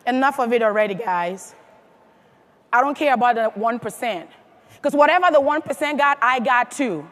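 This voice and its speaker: A woman's voice: fairly high pitch, expressive, moderate pace. A woman giving a motivational speech to a live audience, emphatic and firing questions at the crowd. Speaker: motivational speaker at a sales event.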